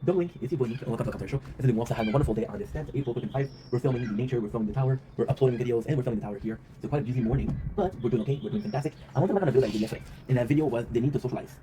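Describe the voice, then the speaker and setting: Rapid-talking man, rambling vlog monologue. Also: mid-range voice. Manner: rambling, reflective, swears freely, often tags "right?". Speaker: vlog host. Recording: noisy ambient background.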